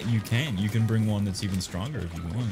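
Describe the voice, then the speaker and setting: A man's voice: lowish voice, fast talker, music in the background. A man in his twenties co-hosting a casual let's-play, teasing and blunt with his friend. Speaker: co-host of a gaming channel.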